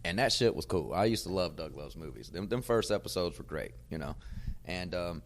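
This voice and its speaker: A man, a comedian hosting his podcast, telling a casual, profane story and getting loud when he acts out old arguments. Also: low voice, brisk. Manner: profane, animated storyteller who gets loud acting out arguments.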